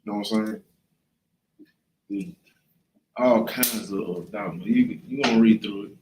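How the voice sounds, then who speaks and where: A man's voice: fairly low pitch, unhurried, reverberant, background noise. A man leading a casual Bible class, talking loosely and often checking in with the listener. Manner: conversational, often asks "right?" and "you know what I'm saying?". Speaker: class leader.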